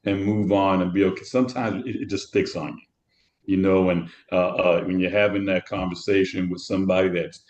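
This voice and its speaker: Very low-voiced man, halting and repetitive, recorded in a roomy, echoey space. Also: fairly even intonation, darkish tone. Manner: halting, many repeated words. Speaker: podcast co-host, retired first responder. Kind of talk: casual reflective talk. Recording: roomy echo.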